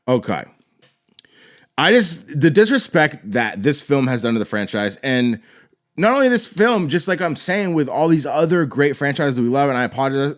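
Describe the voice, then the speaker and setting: Man, podcast host, solo movie rant, profane, exasperated, rambling, mid-pitched voice. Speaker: podcast host reviewing a film. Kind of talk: ranting solo review.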